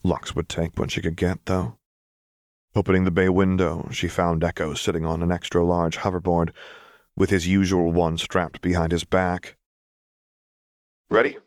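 A man reading a fan-fiction story aloud as narrator, with steady storytelling. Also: deep voice, normal speed, no echo, studio quality. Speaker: audiobook narrator. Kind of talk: scripted narration.

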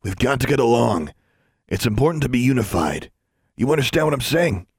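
A man voicing a friendly middle-aged custodian wizard who gently lectures boys in an audiobook. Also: mid-range voice, lively intonation, brisk, slightly rough, no room sound, clean studio sound, pitched above the performer's own voice. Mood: genial. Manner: friendly, mildly admonishing.

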